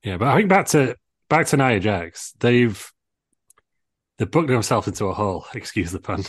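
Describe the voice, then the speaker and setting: Guy rattling on about wrestling, deep voice, jokey, dry mic. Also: expressive, slightly rough, no echo. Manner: quick, chatty and jokey. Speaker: podcast co-host. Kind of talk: casual wrestling chat.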